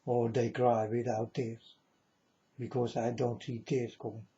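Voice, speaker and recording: A man speaks to his viewers in a warm, mellow voice. He moves very slowly and deliberately through an earnest, rambling monologue, calling his audience folks. The recording sounds dull and lo-fi. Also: mid-range voice, flat delivery.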